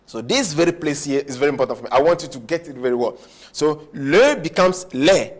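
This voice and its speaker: A man with a fairly high voice teaches a French grammar lesson. He slows down to stress key words, repeats himself and keeps asking his students whether they follow. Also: expressive. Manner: repetitive, checks understanding often. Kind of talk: whiteboard language lesson.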